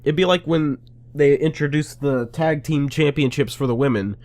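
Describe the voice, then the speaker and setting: A man's voice: fairly high pitch, moderate pace, a little mellow. A man giving a casual, rambling and sarcastic review rant, full of restarts. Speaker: wrestling reviewer.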